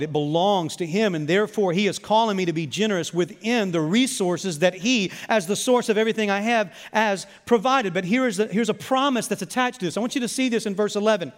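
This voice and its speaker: A man preaching a sermon as pastor, telling animated stories and calling on the congregation to repeat after him. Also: high voice. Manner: animated storytelling, calls for congregation responses. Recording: long hall reverb.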